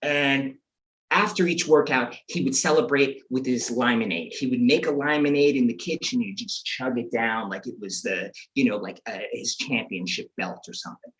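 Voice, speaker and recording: Animated New man telling a comic story. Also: medium pitch, moderate pace. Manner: animated, acts out his own inner voice.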